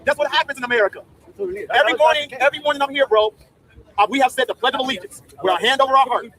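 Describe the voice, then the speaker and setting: A man's voice: very high-pitched, very fast, bright, forceful tone. A man speaking outdoors at a street protest, leading the crowd in call and response with rousing, profane talk. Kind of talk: rally speech with call and response.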